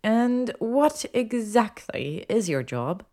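A clever, testy young witch who presses with pointed, insistent questions in a raised voice, as a woman reader puts her on. She sounds sharp and persistent in a storybook read aloud. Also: fairly high pitch, sing-song, takes it slowly, voice pushed up, heavily acted. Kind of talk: audiobook character voice.

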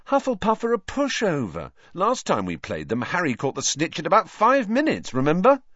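A man reading aloud voices a cheeky, impatient teenage boy who talks quickly and dismissively. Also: sits high, huge pitch swings, a bit bright, no room sound, voice pushed up, full character voice. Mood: breezy. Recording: dull lo-fi dry recording.

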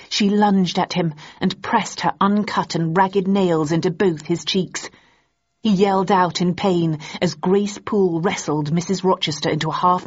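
A woman narrates a novel in a steady, measured reading. Her voice is husky and fairly low. The audio is slightly dull and lo-fi.

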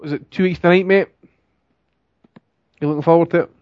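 A man's voice: a little high, steady tone, brisk, no room sound. A man hosting a casual podcast, blunt and bantering, swearing freely. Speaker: podcast host. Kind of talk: casual chat. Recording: dry, dull lo-fi audio.

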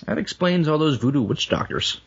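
A man's voice: fairly high pitch, sing-song, a little fast, creaky, slightly rough, muffled recording. A man making wry, sarcastic quips during a movie commentary. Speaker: commentary co-host.

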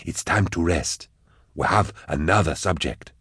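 Brief: male narrator as a tough, low-voiced ringleader, clipped and bossy. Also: measured pace, slightly rough, dry recording, studio quality, full character voice. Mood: grim. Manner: curt, forceful orders. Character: hard, commanding male schemer.

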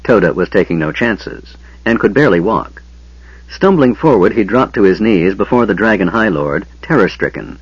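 A man narrating a fantasy novel as an audiobook reader, with expressive, varied delivery. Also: fairly low pitch, normal speed, slightly rough, no echo. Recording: dull lo-fi audio, dry.

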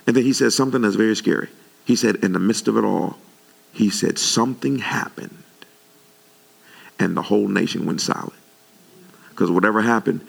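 A male pastor preaching to his congregation with a very gravelly, rough-edged voice that sits on the low side. His delivery is animated, and his pitch leaps up whenever he gets worked up. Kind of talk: sermon.

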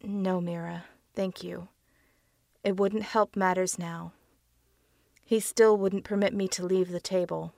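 A woman doing a worn-out, desperate young man in a spoken horror story, bitter and pleading. The delivery is slow and slightly gravelly, with a close, dry sound. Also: fairly low pitch, steady tone, a little mellow, no room sound. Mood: weary.

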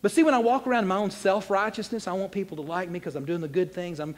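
A man preaching a sermon as a pastor, animated, swinging between loud emphasis and quiet asides. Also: sits high, quick pace, long reverb tail. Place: church sanctuary.

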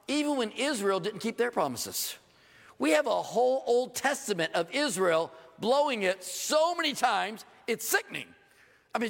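A middle-aged male pastor preaching a sermon, animated, acting out quoted voices with sudden jumps in pitch. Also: creaky. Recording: long reverb of a large hall.

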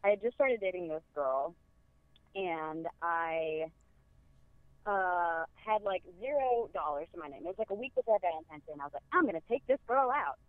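A woman's voice: on the low side, moderate pace, dry recording. Young Southern woman, chatty caller, tinny dry phone line. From American South. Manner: chatty storyteller with fillers. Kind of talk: casual phone chat.

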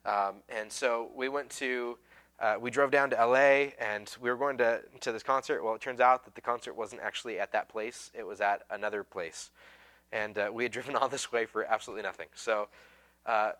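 A male pastor delivers a sermon in a loose, conversational way, stumbling over fillers and restarting sentences as he tells a story. His voice is bright and forward, and he pokes fun at himself with easy humor. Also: mid-range voice, fairly even intonation, brisk. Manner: self-deprecating, humorous.

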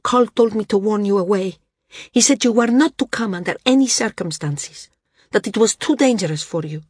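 A young woman messenger, read by a woman narrator, brisk and urgent as she reports. Husky voice, close and dry. Audiobook character reading. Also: medium pitch, darkish tone, dry recording, pitched above the performer's own voice, close to an everyday voice.

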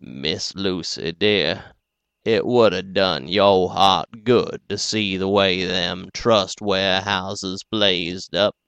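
A man voicing a proud, wounded young man in an audiobook, speaking in a low, soft drawl. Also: fairly even intonation, takes it slowly, creaky, smooth, dry recording, heavily acted. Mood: wry.

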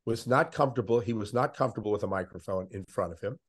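An older man, a veteran sports interviewer, telling animated anecdotes as a podcast guest. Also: fairly low pitch, quick pace, breathy edge. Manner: animated anecdotes, puts on voices of others. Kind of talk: conversational storytelling.

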